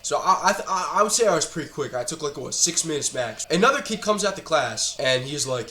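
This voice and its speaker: A man's voice: medium pitch, a little fast, bright, forceful tone, slight background noise. Teen guy ranting while gaming, cussing a lot, kinda echoey room. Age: teens. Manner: exasperated, profane rant. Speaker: student gamer. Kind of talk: ranting while playing a video game.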